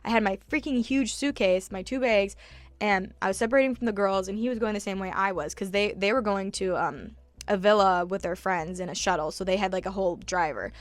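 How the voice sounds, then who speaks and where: A young woman in her twenties tells an animated, swear-heavy story straight to the camera, her pitch sitting in a middle range. The sound is dry and close, with no room echo. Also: a little fast. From United States. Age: 20s. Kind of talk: casual storytelling vlog.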